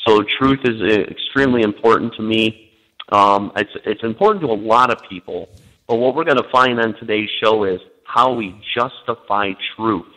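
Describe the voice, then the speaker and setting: A man's voice: on the low side, normal speed, a bit bright, rough recording. A man, a guest minister, chatting on a talk show over the phone, hesitant with many fillers and given to joking. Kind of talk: casual chat on a talk show.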